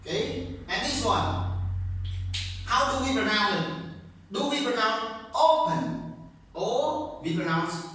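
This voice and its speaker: A male English teacher giving a grammar lesson, speaking slowly and repeating points, checking "okay?" often, with non-native grammar. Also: high voice, a bit bright, slight background noise. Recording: very echoey room, distant mic.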